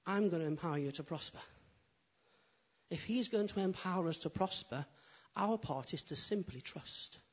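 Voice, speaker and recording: Husky-voiced pastor preaching. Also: male voice, sits high, normal speed. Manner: animated preaching, rising loud then dropping quiet. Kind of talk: sermon.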